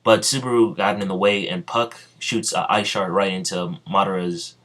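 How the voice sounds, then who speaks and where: Halting man improvising a fan story. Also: low voice, steady tone, fairly bright tone. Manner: halting, full of ums and restarts. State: strained throat.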